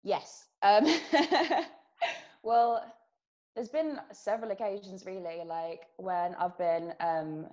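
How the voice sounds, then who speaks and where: Her voice is mid-range, slow and a little mellow. She's a young British-accented woman from England, chatting casually as an interview guest on a podcast and laughing often between sentences, in muffled lo-fi audio.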